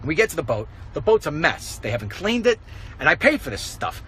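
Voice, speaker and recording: A man's voice: on the high side, sing-song, brisk, sharp tone, a little hiss or hum, low-quality recording. A middle-aged man giving a rambling, emphatic walk-and-talk monologue outdoors as an online commentator. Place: outdoors, walking.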